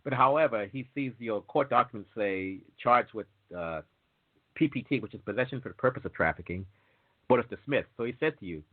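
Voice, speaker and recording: Heard through tinny audio resembling a phone line, this male host speaks a little fast in a mid-range voice with lively intonation. He's a waiver consultant running a casual show about entry waivers, chatting, drifting off topic, and acting out quoted dialogue.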